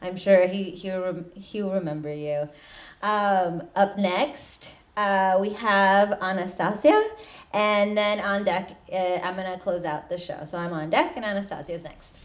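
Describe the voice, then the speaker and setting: A woman hosting an open mic, thanking poets in a halting way before she reads her own piece. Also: medium pitch. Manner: halting, many fillers and restarts. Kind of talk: hosting and poetry reading. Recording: distant mic in a room.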